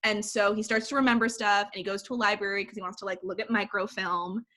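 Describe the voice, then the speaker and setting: A woman's voice: mid-range voice, fast. Chatty woman recapping a movie. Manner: animated storytelling, recapping a movie with filler "like". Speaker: podcast co-host. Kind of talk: casual chat.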